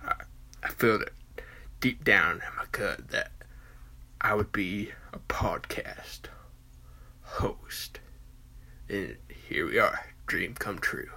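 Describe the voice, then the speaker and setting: A Southern man in his forties rambles through a casual podcast monologue, stopping and restarting often. His voice is low, gravelly and husky, yet bright in tone. His pitch swings widely while his pace stays slow and drawn out. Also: lively intonation, in a whisper. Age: 40s. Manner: rambling, hesitant, with many fillers and restarts; folksy country talk. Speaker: podcast host.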